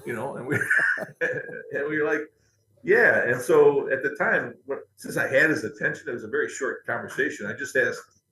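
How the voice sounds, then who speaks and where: A man's voice: medium pitch, moderate pace, pushed and bright. A man, a company historian, telling anecdotes in an interview, chatty and laughing now and then. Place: company building. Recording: roomy echo.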